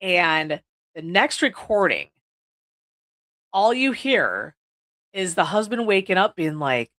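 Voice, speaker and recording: A woman's voice: low voice, expressive, a little slow, long pauses, fairly bright tone. A woman hosting a podcast, recapping a horror movie in a casual way, swearing freely and filling her sentences with "like.". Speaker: podcast host. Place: indoors, recording on video.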